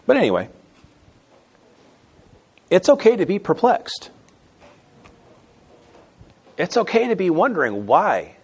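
Male pastor delivering a sermon, lively pitch, punchy stresses and soft asides. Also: slow, pauses often, husky. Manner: emphatic, swings between loud stresses and quiet asides.

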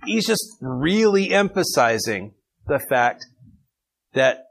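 A man's voice: medium pitch, very animated, drawn-out words, gravelly, pauses often, a bit bright, poor audio. A man leading an informal Bible study, reading verses and taking questions from his group in a conversational way.

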